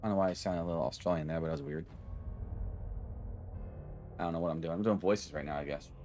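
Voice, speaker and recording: A man's voice: deep voice, fast, a little mellow. Upbeat rambling male streamer, faint music. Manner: rambling, upbeat, greets chatters by name; self-deprecating, loses his train of thought. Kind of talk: casual live-stream chat.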